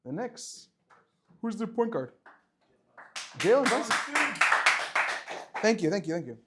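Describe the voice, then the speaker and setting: A man teaching a lively Torah class to students, firing rhetorical questions and dropping to quiet explanation. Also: high-pitched, unhurried, heavy background noise. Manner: animated, swings between loud questions and quiet explaining, chats with students.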